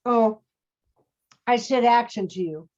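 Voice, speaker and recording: A woman's voice: on the high side, slow, darkish tone. Encouraging woman acting teacher on a call. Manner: encouraging, calls students sweetie and honey. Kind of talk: coaching students in an online class. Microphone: video call. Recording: dull lo-fi call audio.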